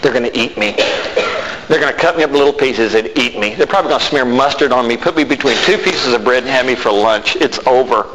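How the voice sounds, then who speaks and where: Speaking fast at a medium pitch, the pastor delivers a sermon built around his own testimony. He performs both sides of the exchanges he recalls, and the recording carries the reverb of a hall plus faint noise.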